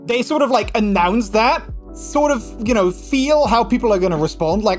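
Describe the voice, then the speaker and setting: A male livestreamer with a Dutch accent talks loosely to his chat, drifting through thoughts with plenty of "like" and "um". His sentences restart and trail off. Faint music plays quietly behind him. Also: sits high, lively intonation, normal speed, few pauses. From Netherlands. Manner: rambling, full of fillers and restarts; slips into mocking put-on voices when quoting. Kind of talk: casual livestream chat with viewers.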